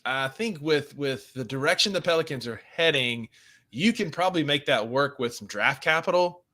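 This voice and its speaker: A man's voice: on the high side, expressive, normal speed, sharp tone. A man co-hosting a casual sports podcast, emphatic and opinionated in his takes. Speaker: podcast co-host.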